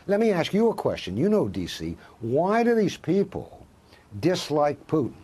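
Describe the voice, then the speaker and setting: A husky-voiced male professor speaks as a news interview guest. His pitch swings widely as he presses his case, posing one rhetorical question after another with emphatic weight. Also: wildly swooping pitch, normal speed, warm tone.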